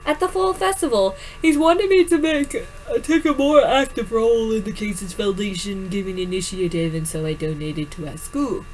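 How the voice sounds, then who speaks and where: A woman voicing an earnest, secretive teenage boy in a story game, low and soft. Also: moderate pace, hardly any pauses, slight background noise, lightly acted, low-quality recording.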